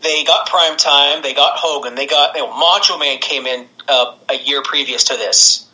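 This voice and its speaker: A man's voice: a little high, normal speed, pushed and bright, rough recording. A man co-hosting a casual podcast, chatty and laughing often, with frequent restarts. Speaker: podcast co-host. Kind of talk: casual chat.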